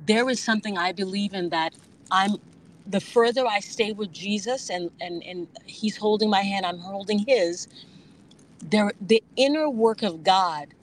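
A woman's voice: mid-range voice, measured pace, pauses often, rough recording. Woman guest on bluetooth from her car, earnest and reflective, faint hiss behind her. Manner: earnest, reflective, with sudden animated outbursts. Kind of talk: candid faith conversation. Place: driving in a car. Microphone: phone on Bluetooth.

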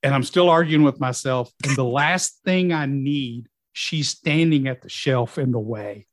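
A middle-aged man telling a personal recovery story, acting out quoted dialogue with lively storytelling. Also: mid-range voice, a little slow, slight background noise. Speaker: guest in recovery.

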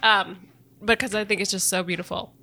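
A woman's voice: mid-range voice, fairly even intonation, brisk, creaky. A woman podcast host and nurse who talks in an effusive, emotional way and answers with short reactions. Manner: warm, effusive, emotional, gives short back-channel replies. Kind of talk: casual interview conversation.

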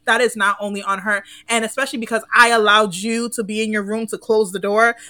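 A woman in her twenties co-hosting a podcast, chatting casually and bluntly, quick to agree and crack jokes. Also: mid-range voice, fairly even intonation, pushed and bright. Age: 20s. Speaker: podcast co-host. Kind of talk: casual chat.

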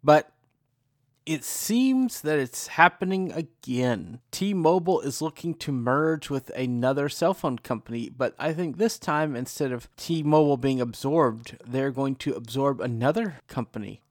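A man's voice: mid-range voice, unhurried, no echo, studio quality. A man hosting a podcast, chatty and upbeat as he leads a casual panel discussion. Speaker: podcast host.

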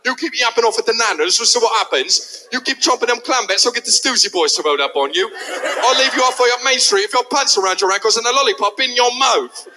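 A man's voice: very high-pitched, animated, fast talker, pushed and bright, exaggerated voice, poor audio. A comedian putting on a fussy, overly proper British man, with a mock British accent and formal, exaggerated wording. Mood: threatening. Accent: put-on British.

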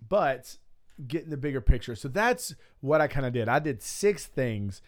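A man's voice: medium pitch, very animated, normal speed. A man co-hosting a faith podcast, chatting casually and acting out quotes in playful voices. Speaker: podcast co-host and preacher. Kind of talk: casual chat.

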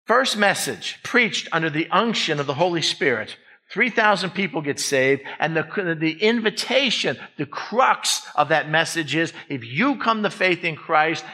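A man preaching a sermon, animated, with quick bursts and acted asides. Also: on the high side, creaky. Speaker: pastor.

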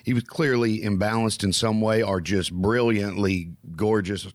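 A man's voice: lowish voice, normal speed, no room sound, studio quality. A man, a comedian, telling rambling comic stories and acting out the people in them. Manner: animated, acts out voices in his anecdotes. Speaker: comedian and podcast host.

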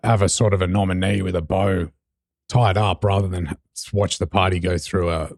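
A man's voice: deep voice, fairly even intonation, moderate pace, vocal fry, darkish tone, no room sound, clean studio sound. A man hosting an interview who thinks aloud with many hesitant restarts. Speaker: podcast host. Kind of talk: conversational interview.

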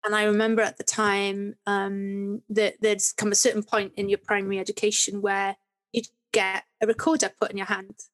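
A woman's voice: mid-range voice, flat delivery, normal speed. A middle-aged woman, a podcast guest, chatting in an interview, telling stories with many restarts and rambling sentences. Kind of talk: conversational interview.

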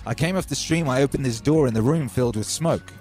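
A fast-talking man with a darkish mid-range voice hosts a livestream from home, soft music playing in the background. He tells rambling, wry stories in casual chat, kicking things off with hype openers.

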